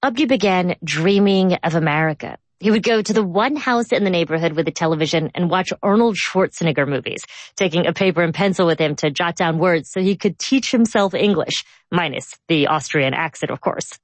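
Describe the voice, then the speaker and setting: Woman host reading a news story, lowish voice, dead dry studio sound. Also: dry recording. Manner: measured, clear storytelling delivery. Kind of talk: scripted news narration and interview.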